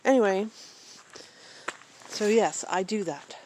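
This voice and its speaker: A woman's voice: medium pitch, slow pace, darkish tone, a little hiss or hum. A middle-aged woman from Maine, talking outdoors in the woods in a reflective, hesitant monologue full of ums and restarts. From Maine, USA. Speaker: vlogger.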